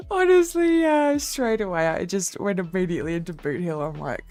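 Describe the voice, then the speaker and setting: A woman streamer chatting casually with her viewers, blunt and candid, with a lower-toned voice and a quick laugh. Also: very animated, darkish tone, faint music behind. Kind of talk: casual live-stream chat.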